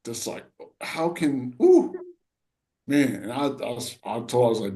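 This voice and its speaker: A man's voice: mid-range voice, lively intonation, measured pace, mellow. A middle-aged man co-hosting a podcast, telling an emotional family story in a rambling, casual way. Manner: rambling, full of "you know" and "right". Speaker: podcast co-host.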